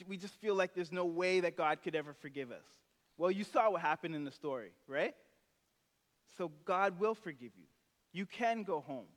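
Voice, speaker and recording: A man's voice: high-pitched, long reverb tail. A male pastor preaching a sermon in a church, casual and conversational, now and then acting out characters from the story. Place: church sanctuary.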